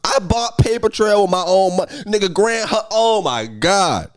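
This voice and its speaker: A young man hosting a solo podcast, telling road stories in an animated, ranting way that jumps high and loud when he gets worked up. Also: moderate pace, no room sound. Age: young adult. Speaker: podcast host.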